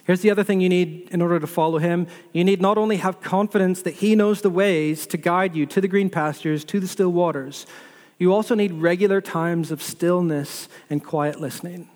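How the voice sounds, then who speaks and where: A man's voice: sits high, steady tone, moderate pace, a little mellow. A man preaching a sermon as pastor, building repetitive lists and asking the listeners rhetorical questions. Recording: long reverb of a large hall.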